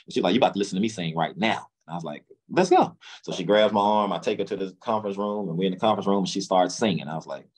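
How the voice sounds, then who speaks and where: A music executive from Memphis, Tennessee, with a Southern accent tells a long, rambling story as a guest in a casual interview, repeating words and acting out quotes in a raised voice. He talks in a low voice, racing along with few pauses.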